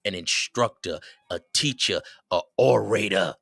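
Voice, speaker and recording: A middle-aged man, hosting a livestream and giving preachy, animated advice to his viewers. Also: on the low side, normal speed, gravelly, few pauses, no echo, studio quality, soft background music. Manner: preachy, animated, quotes others in raised voices. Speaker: livestream host. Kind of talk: casual advice talk to viewers.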